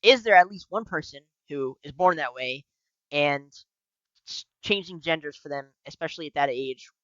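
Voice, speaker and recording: A man co-hosting a casual political podcast, talking in a profane, animated way and laughing often. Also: fairly high pitch, moderate pace, no echo, highs cut off. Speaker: podcast co-host.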